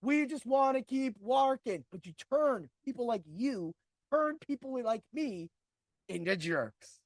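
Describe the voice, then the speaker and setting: A man's voice: extremely high pitch, animated, measured pace, dry recording, studio quality. A middle-aged man hosting a podcast, telling a grievance story in a profane, rambling rant. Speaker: podcast host. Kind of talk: ranting storytelling.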